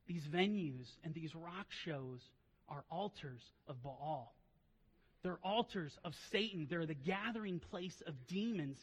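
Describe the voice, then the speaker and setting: A man preaching a sermon as pastor, telling stories in quiet asides and then rising into loud, emphatic preaching. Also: on the high side, breathy edge, poor audio.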